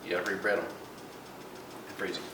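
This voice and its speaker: A man's voice: deep voice, level tone, moderate pace. A man hosting a casual cooking vlog in a kitchen, talking in a laid-back, folksy way. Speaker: fishing channel host. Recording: echoey kitchen, mic far off, noisy. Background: frying and sizzling.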